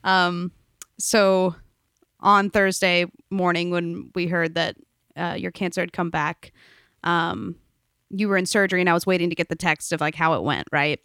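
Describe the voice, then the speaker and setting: A woman's voice: fairly low pitch, steady tone, moderate pace, a bit bright, clear, resonant tone, no room sound, clean studio sound. A young woman co-hosting a podcast in casual chat, telling stories and acting out quotes with laughs. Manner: chatty storyteller, acts out quotes with laughs. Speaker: podcast co-host.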